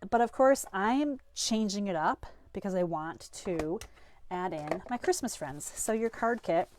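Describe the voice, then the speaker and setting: A woman's voice: medium pitch, a little mellow, dry recording. A middle-aged woman teaching a live card-making class, chatty and upbeat while getting over a cold and a bit sniffly. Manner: chatty, upbeat, self-deprecating. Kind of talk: live-stream craft class.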